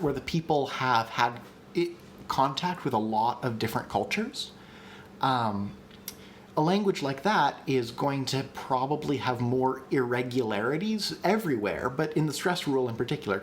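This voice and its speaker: A man at a middle pitch explains ideas in a casual, live-streamed lecture. He thinks out loud, pausing on fillers and restarting his sentences as he reads and answers chat questions. A faint hiss of background noise sits under his voice. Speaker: streamer teaching language creation.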